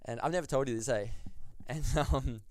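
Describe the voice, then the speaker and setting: A man's voice: medium pitch, normal speed, a little mellow, dry recording, clean studio sound. A man telling a story as a podcast guest, rambling, with lots of "like" and restarts. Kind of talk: casual storytelling.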